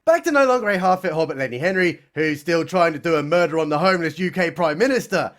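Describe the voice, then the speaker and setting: A man's voice: a little high, lively intonation, quick pace, fairly bright tone. A man narrating a mocking, sarcastic comedy recap of a TV episode. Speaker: comedy reviewer.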